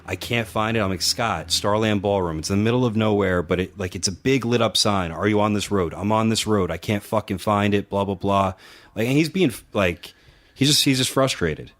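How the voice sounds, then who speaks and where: A lower-pitched man tells a long, profane story in casual podcast chat. He rambles and doubles back, acting out the other guy's lines. He sounds like a wrestling promoter reliving a night at his show. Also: brisk.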